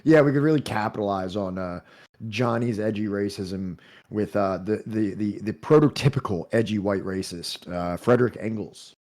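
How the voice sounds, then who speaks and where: A man's voice: on the low side, moderate pace, darkish tone. A man from New Jersey hosting a podcast, chatting loosely and joking, with many fillers and restarts before discussing a book. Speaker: podcast host. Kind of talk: casual chat and book discussion.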